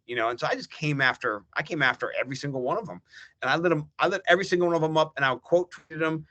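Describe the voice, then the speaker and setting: A middle-aged man, a fantasy football guest on a podcast, ranting in animated, profane casual chat. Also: on the high side, quick pace.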